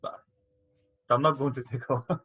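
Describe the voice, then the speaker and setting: Man teaching a grammar class over a video call, husky, dull lo-fi audio. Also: mid-range voice, fairly even intonation, moderate pace, a bit bright. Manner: patient, explains with repeated examples. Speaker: Arabic teacher. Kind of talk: online grammar lesson.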